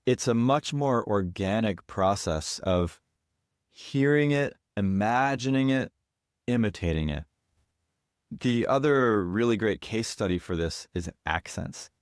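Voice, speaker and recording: Low-voiced man teaching in a dry room. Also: animated, unhurried, dry recording. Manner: earnest, explanatory. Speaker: horn teacher. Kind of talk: online lesson. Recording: dry, close sound.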